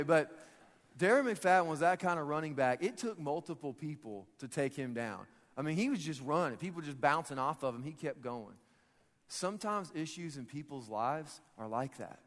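Pastor with a fairly high voice. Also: male voice. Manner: conversational, repeats words, rises to emphatic peaks. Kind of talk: sermon. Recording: reverberant hall with soft music.

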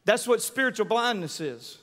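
A man in his thirties preaching a sermon as pastor, animated and given to call-and-response with the congregation. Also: sits high, moderate pace. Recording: long hall reverb.

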